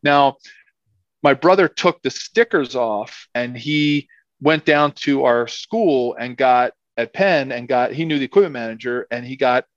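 A man's voice: medium pitch, measured pace, dry recording. A middle-aged man from the area, a former football player telling a casual, rambling story full of "like" and "you know". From Philadelphia area. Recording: slightly dull, dry sound.

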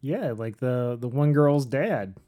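A man's voice: medium pitch, animated, slow pace, dull audio. A man co-hosting a casual podcast, talking in rambling, jokey asides. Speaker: podcast co-host. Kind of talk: casual chat.

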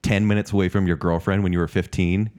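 A man's voice: sits low, flat delivery, quick pace, darkish tone. A man co-hosting a podcast in casual chat, opinionated and playfully teasing. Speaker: podcast co-host.

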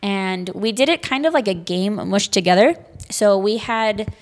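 A woman's voice: mid-range voice, animated, moderate pace. A young woman teaching a girls' Sunday school class, chatting casually on a podcast in a rambling way, with plenty of fillers.

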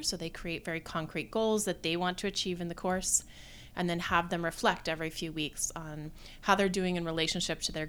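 A woman professor speaking as a guest in a podcast interview, talking in a thoughtful, measured way with frequent pauses to gather her thoughts. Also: lowish voice, a bit bright. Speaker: guest, theatre design professor.

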